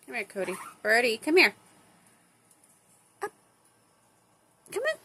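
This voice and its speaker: High sing-song woman cooing to birds. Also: big pitch swings, slow, long pauses, bright, forceful tone, husky. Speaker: pet owner. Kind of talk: baby talk to pet birds.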